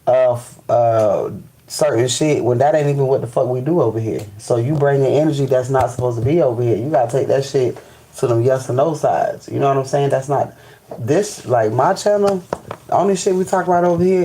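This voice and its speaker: A man's voice: mid-range voice, a little fast, mellow, rough recording. A man hosting a spiritual live stream, ranting in casual, profane speech and repeating "you know what I'm saying.". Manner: restarts and stammers when fired up.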